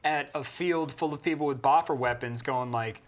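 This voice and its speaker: A man's voice: medium pitch, fairly even intonation, moderate pace, few pauses, a bit bright. A man co-hosting a hobby stream, playful and joking in casual chat. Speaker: stream co-host. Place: streaming studio.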